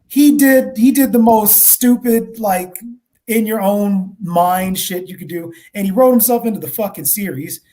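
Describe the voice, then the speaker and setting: A man's voice: sits high, unhurried, warm tone. A man co-hosting a book club podcast, ranting with lots of swearing and mocking impressions. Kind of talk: casual podcast chat.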